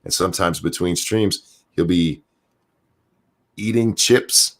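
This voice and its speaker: Deep-voiced man, crude joking banter. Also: slow, pauses often, a bit bright. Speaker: podcast host and streamer. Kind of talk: casual chat.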